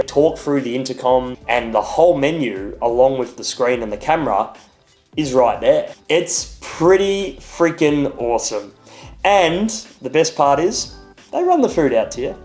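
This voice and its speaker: A man's voice: medium pitch, a little mellow. A young Australian man narrating a casual travel vlog, chatty and upbeat with playful asides. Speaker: vlogger and podcast host.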